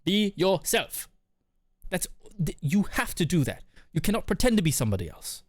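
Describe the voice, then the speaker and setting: A man's voice: sits high, big pitch swings, moderate pace, no room sound, clean studio sound, voice pushed up. A man doing a put-on British accent while giving emphatic advice.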